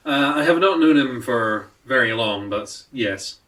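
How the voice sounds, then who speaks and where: A man's voice: mid-range voice, lively intonation, a little slow, fairly bright tone, far from the mic. A man voicing a formal, polite male adventurer who sounds weary.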